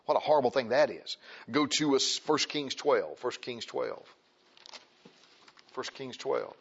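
Reading scripture to his congregation, a preacher speaks conversationally and repeats phrases for emphasis. His medium-pitched voice is creaky and husky at an unhurried pace, and the recording is slightly muffled.

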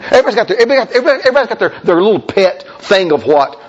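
A man preaching a sermon, folksy and emphatic, with sudden shouts and slow drawn-out lines. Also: a little high, animated, breathy edge, highs cut off.

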